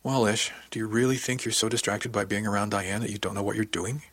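A patient, wry woman section chief in an audiobook, soothing and lightly teasing, voiced by a man reading. The voice is low and husky, recorded dry and close. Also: brisk, no room sound. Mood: gently steady. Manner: gentle, steady, teasing.

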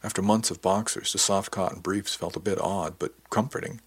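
A man giving a measured, introspective first-person audiobook narration. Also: low-pitched, fairly even intonation, slightly rough, dry recording.

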